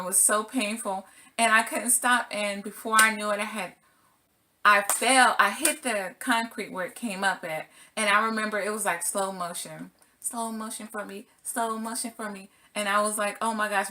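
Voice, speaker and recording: A woman's voice: medium pitch, pushed and bright. A middle-aged woman vlogging as a single mother, telling a personal story casually and acting out her own exclamations.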